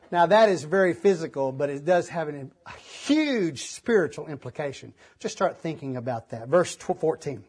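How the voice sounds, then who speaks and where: Husky pastor preaching folksy. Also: male voice, sits high. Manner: folksy storytelling with laughs and repeated phrases. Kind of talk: sermon.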